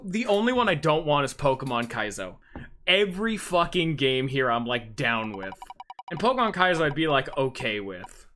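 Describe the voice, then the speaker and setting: A man chatting casually on a live stream, excitable and swearing freely, laughing often. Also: on the high side, a little slow, slight background noise. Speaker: livestreamer.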